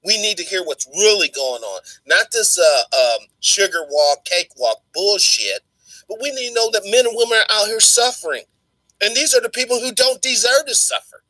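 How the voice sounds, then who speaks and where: A man's voice: sits high, expressive, normal speed, sharp tone, no echo, poor audio. A man hosting a talk show who rants fiercely and swears as he makes his points. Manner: fiery, swearing. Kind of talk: ranting talk show commentary.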